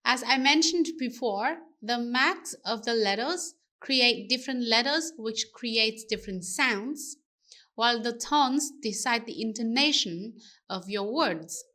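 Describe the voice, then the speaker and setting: A woman gives a scripted language lesson in a bright, crisp voice pitched a little high. She speaks very slowly and carefully, pausing to ask her learners questions. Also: lively intonation. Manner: careful, explanatory, asks rhetorical questions. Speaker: language teacher.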